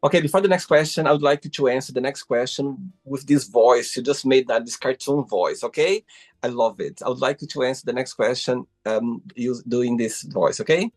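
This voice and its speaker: A man's voice: mid-range voice, fairly quick, faint music behind. A man hosting an interview over a video call, gushing with praise and repeating "I love it" and "wow". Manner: effusive, keeps saying "I love it" and "wow". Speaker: host. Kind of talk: interview host asking questions.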